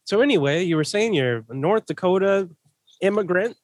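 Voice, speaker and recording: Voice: normal speed, no room sound. A podcast host and bartender in casual chat, laughing often. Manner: laughing, lively pitch.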